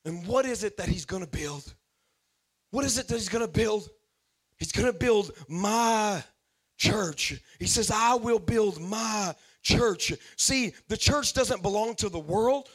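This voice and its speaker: A man's voice: high voice, lively intonation, measured pace, fairly bright tone. A man preaching a sermon as pastor, building to fervent, repeated declarations and calling on his listeners. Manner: preaching with rising fervor and repetition; addresses listeners as "man", calls for responses.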